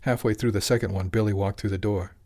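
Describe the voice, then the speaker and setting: A man reading a serialized audiobook with calm, steady narration. His voice sits low. The reading is even and unhurried. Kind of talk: scripted narration.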